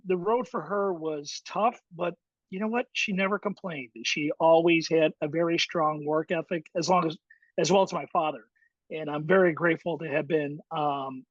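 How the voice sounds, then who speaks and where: With a voice on the high side, a middle-aged man from Chicago, USA, a high school baseball coach appearing as an interview guest, reflectively tells his story with plenty of fillers and restarts. The audio is dull, with no echo.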